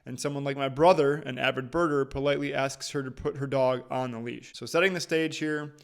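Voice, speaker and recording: A man's voice: mid-range voice, fairly even intonation, fairly quick, creaky, clean tone. A man giving casual, emphatic reaction commentary on a video clip, with restarts now and then.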